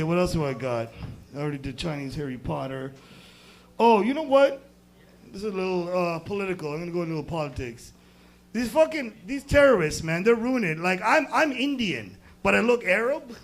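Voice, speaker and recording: Young man, american accent, stand-up comic, crude rambling, high voice, gravelly fry. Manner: crude, rambling, swings between loud bursts and muttered asides. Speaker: stand-up comedian. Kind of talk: stand-up set at an open mic.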